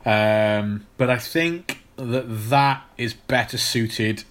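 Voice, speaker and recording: A man co-hosting a podcast in casual chat, explaining at length with frequent pauses and restarts. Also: mid-range voice, a bit bright, slight background noise. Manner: explanatory, hesitant with many fillers and restarts. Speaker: podcast co-host.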